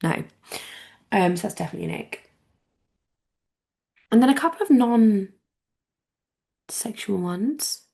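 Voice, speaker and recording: A woman's voice: medium pitch, animated, measured pace, creaky, pauses often, dark tone, breathy edge. A young woman hosting a podcast, ranting in an exasperated way and swearing often. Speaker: podcast host. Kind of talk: solo podcast rant.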